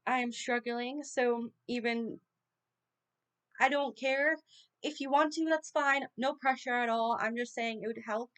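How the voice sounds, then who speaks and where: A woman's voice: a little high, steady tone, unhurried, a bit bright, clear, resonant tone. A woman casually reading a children's novel aloud, stumbling and correcting herself often. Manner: informal reading with frequent stumbles. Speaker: audiobook reader.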